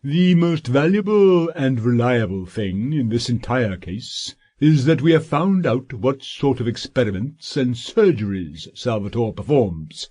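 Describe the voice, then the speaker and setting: A man voicing a fat, pompous, scheming middle-aged male solicitor in an audiobook, talking in a drawn-out, sanctimonious way. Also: medium pitch, lively intonation, mellow, husky.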